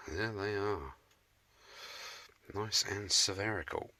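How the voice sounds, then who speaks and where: Restoring a scooter in his shed at home, this motorbike vlogger keeps up casual, jokey banter with the camera, often at his own expense. His lowish voice sounds pushed and bright, with lively intonation and a measured pace.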